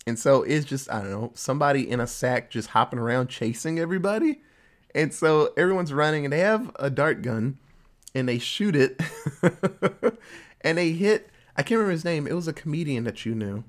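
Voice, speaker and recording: A man casually recapping a TV episode with a co-host, telling it in an animated way and popping into quick voices for the characters. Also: fairly high pitch. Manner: animated storytelling with quick voice switches for quoted characters. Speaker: podcast co-host.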